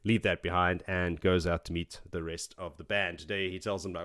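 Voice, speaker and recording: A man's voice: low-pitched, little pitch movement, a little fast, a bit bright. A man casually recapping a fantasy book chapter by chapter on a podcast, rambling and laughing as he acts out the characters' lines. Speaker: podcast host.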